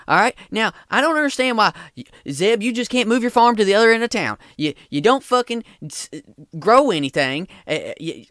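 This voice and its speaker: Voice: mid-range voice, dry recording, clean studio sound, voice pushed up. A game master voicing a scrawny, exasperated man who breaks up fights and swears while he scolds. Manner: loud, profane, scolding. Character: scrawny exasperated male farmhand peacemaker.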